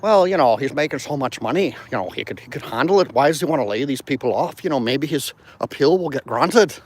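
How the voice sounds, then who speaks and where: A man's voice: medium pitch, expressive, fast talker, close to an everyday voice. A man putting on an offhand Irish voice. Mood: dismissive. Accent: put-on Irish. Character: mocking Irish man brushing off layoffs.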